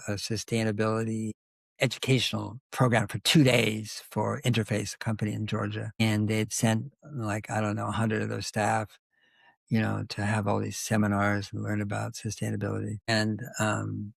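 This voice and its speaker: A man's voice: on the low side, vocal fry, no echo. An older man telling a long, rambling story as a guest in an interview, with many asides. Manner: rambling anecdotal storytelling, animated.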